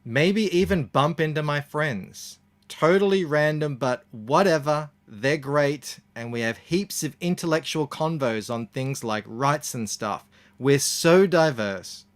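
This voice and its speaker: A man's voice: on the high side, measured pace, lightly acted. A man with an Australian accent voicing a self-righteous young activist woman in a comic reading, breezy and self-important. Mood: chirpy. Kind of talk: comic reading of a short piece.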